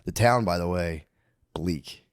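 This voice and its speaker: A man's voice: low voice, takes it slowly, clean tone, no room sound. Podcast co-host, man in his thirties, rambling storyteller, dry close studio sound. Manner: rambling storyteller, laughing, swearing. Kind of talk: casual comedic chat.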